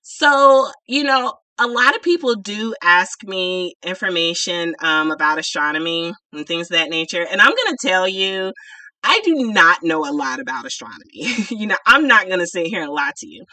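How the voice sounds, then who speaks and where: A woman's voice: lowish voice, pushed and bright, dry recording. A woman hosting a casual livestream Q&A and answering viewer questions. She chats loosely, with lots of fillers and restarts, and laughs often. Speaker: livestream host and spiritual shop owner. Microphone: computer microphone. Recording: voice a bit far from the mic.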